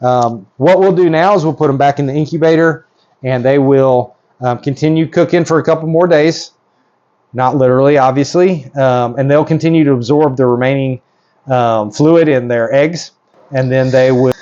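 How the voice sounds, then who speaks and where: A man casually narrating while he works with his animals, excitable and chatty, with lots of fillers and restarts. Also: medium pitch, normal speed, lo-fi sound. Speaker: reptile breeder.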